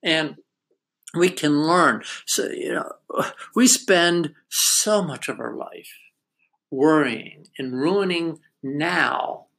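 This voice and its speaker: A man's voice: fairly high pitch, drawn-out words, creaky, fairly bright tone. Older man telling a family story. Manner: storytelling, reflective, laughs while telling. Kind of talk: casual chat.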